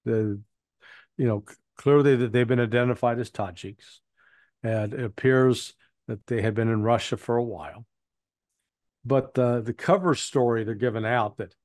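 A man in a mid-pitched voice, giving blunt commentary as an interview guest. He rambles and restarts his sentences, stacking fillers as he goes. The sound is dry and close to the mic. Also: normal speed, long pauses, a little mellow, dry recording. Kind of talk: casual spoken commentary.

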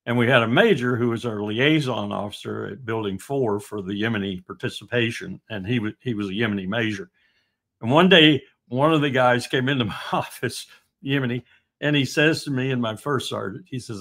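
A man in his sixties speaks with a gravelly, rough-edged voice. He talks in a halting, anecdotal way, with frequent fillers. It sounds like a casual discussion. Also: mid-range voice, a bit bright. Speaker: guest commentator.

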